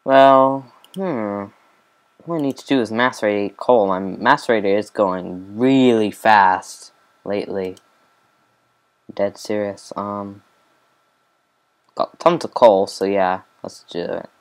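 A man's voice: fairly low pitch, slow pace, long pauses. A man giving casual, rambling commentary over his own gameplay, with mumbled asides and lots of fillers. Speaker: let's play host.

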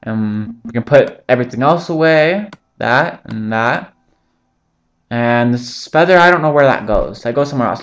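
A man's voice: mid-range voice, animated, moderate pace, fairly bright tone. A young man giving casual, joking commentary over his own gameplay, rambling between topics and swearing often. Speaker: gaming channel host.

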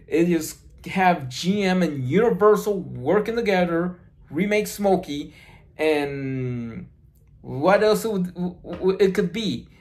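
A vlogger in a casual rambling monologue, recorded on a phone, halting with many restarts and repeated words. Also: mid-range voice, lively intonation, a little mellow.

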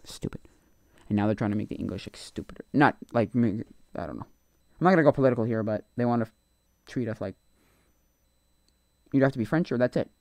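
A man talks off the cuff on a live stream, wandering from point to point and dropping into mutters. His voice is mellow and dark, recorded close and dry with no room sound. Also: medium pitch, fast talker, gravelly, no room sound. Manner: rambling and opinionated, trailing off and muttering. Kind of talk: casual live-stream commentary.

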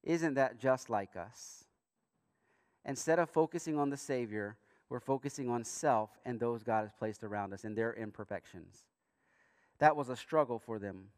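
A man preaching a sermon as pastor in a church, earnest, with emphatic rising bursts and quiet asides. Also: medium pitch, normal speed, no room sound, clean studio sound, long reverb tail. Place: church sanctuary.

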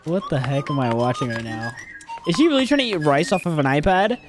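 A man's voice: a little high, lively intonation, a little fast, over loud music. A man hosting a reaction video, chatting casually, exclaiming often and holding back laughter.

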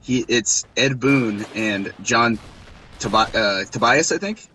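A young man chatting over gameplay with friends, full of sarcastic jokes and mock-serious bits. His voice is bright and forceful, at an ordinary pitch for a man. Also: takes it slowly, a little hiss or hum, poor audio. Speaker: gaming channel co-host. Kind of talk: casual gameplay chat.

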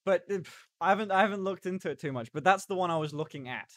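A man's voice: high-pitched, fast, no room sound, studio quality. A young man chatting casually on a live stream, rambling and stopping and starting as he reacts to chat. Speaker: livestreamer.

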